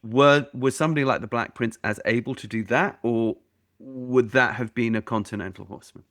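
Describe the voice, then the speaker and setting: A man's voice: medium pitch, a little fast, a bit bright, no echo, studio quality. A man hosting a podcast, who asks questions in an engaged way and adds his own points. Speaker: podcast host. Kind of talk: casual interview chat.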